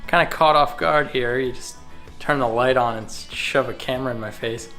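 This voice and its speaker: A man's voice: mid-range voice, normal speed, over loud music. American man, livestream co-host, easygoing and a bit awkward, echoey room. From United States. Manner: laid-back, joking, a bit awkward. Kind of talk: casual livestream chat.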